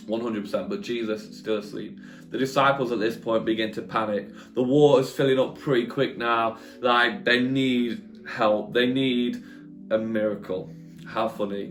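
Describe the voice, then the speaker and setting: A man's voice: lowish voice, fairly bright tone. A young man, telling a Bible story for children in a playful, chatty, self-mocking way, with dramatic sound effects. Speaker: children's church presenter. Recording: echoey room with faint guitar.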